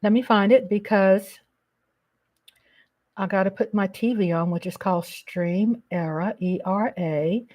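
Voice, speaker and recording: A woman hosting a casual livestream, reading viewers' comments aloud and chatting in a slow, affectionate way, often calling them baby and darling. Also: mid-range voice, darkish tone. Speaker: livestream host reading chat.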